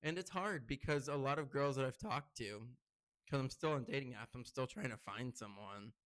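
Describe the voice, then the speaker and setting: A man's voice: mid-range voice, moderate pace, fairly bright tone. A young man talking casually to his camera as a content creator, rambling and getting heated, with lots of "like" fillers. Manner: rambling and heated, heavy use of "like". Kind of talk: casual vlog rant to camera.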